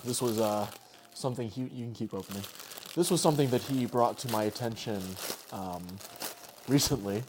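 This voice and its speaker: A man's voice: medium pitch, normal speed, noisy background. A young man hosting a casual podcast game, laughing often and teasing his co-host.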